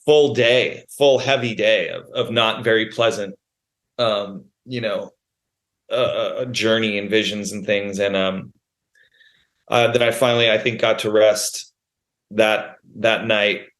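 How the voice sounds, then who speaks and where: A band musician appearing as a podcast guest tells a personal story in a lowish voice at a measured pace. He's candid and rambling, restarting often and swearing, and gets animated when quoting himself. The room has a noticeable echo.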